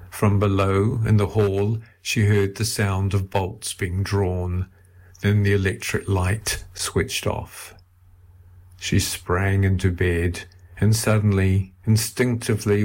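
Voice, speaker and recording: A man reads a novel aloud in a measured, steady way, his voice very deep and gravelly. He speaks slowly, with a husky grain to the tone. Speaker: narrator. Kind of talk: audiobook reading of a novel.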